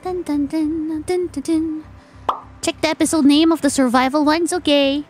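A woman streamer chatting casually while she plays a game, excitable and quick to gasp and squeal. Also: high voice. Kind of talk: casual gameplay chat. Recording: game music behind.

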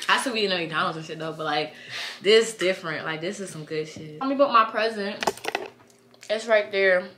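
A woman's voice: mid-range voice, normal speed, noisy background. A 22-year-old woman chatting slangily and animatedly in a casual diary vlog. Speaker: vlogger.

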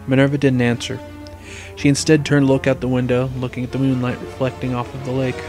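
A man narrating a fan story, rambling casually in his asides, his voice going hoarse. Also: medium pitch, completely flat delivery, fast talker, over music. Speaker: storyteller, fan fiction reader.

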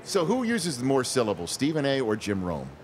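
Man, sports talk host, very lively melody, quick interjections, casual chat. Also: medium pitch, a little hiss or hum. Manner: animated, laughing, quick interjections.

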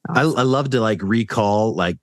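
A man's voice: on the low side, moderate pace, no echo, clean studio sound. A man co-hosting a podcast, upbeat and chatty, often restarting his sentences. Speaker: podcast co-host. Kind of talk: casual podcast chat.

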